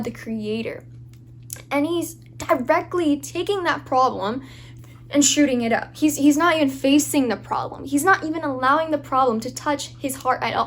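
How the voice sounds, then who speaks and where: A woman with a fairly high voice gives an earnest, informal devotional talk, often restarting her sentences and leaning on fillers. A faint hum sits underneath her voice. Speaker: Christian devotional speaker.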